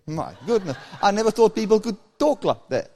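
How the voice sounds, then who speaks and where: Male preacher, high register, storytelling sermon that acts out the dialogue. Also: big pitch swings, normal speed, warm tone. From South Africa. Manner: storytelling, acting out dialogue with chuckles.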